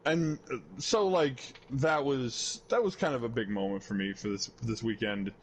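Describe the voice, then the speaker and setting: A man's voice: mid-range voice, normal speed, slight background noise. A young man chatting casually on a podcast, telling a long story with lots of fillers and swearing. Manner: rambling storyteller, acts out quoted voices, swears freely. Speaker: podcast host. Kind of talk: casual chat.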